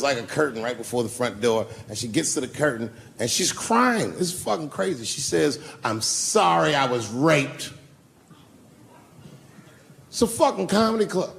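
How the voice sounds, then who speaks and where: A man's voice: on the high side, creaky, noisy background. A middle-aged man doing a profane, conversational stand-up comedy set, telling stories and talking with the crowd. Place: comedy club stage before a live audience.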